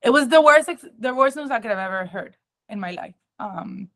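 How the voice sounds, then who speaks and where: A young adult woman giving a personal testimony at an awareness talk, emotional and halting, with many ums and restarts. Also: a little high, lively intonation, fairly bright tone.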